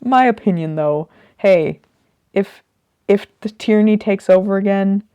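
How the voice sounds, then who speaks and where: A woman's voice: mid-range voice, measured pace, dark tone, smooth, no echo, dull audio. A woman musing casually about a book she is reading, rambling and thinking aloud as she goes. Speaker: host reflecting on a reading. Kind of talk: casual spoken commentary.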